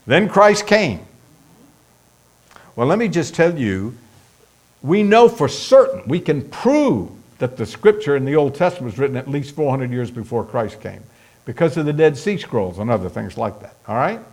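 A man's voice: mid-range voice, very animated, moderate pace, a little mellow. A man preaching a sermon, emphatic and repetitive, speeding up as he lists points. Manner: emphatic, repeats points for stress, speeds up when listing. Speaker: pastor.

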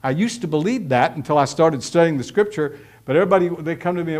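Male pastor, middle-aged, higher voice, folksy emphatic pulpit delivery with acted asides. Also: quick pace, darkish tone. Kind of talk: sermon.

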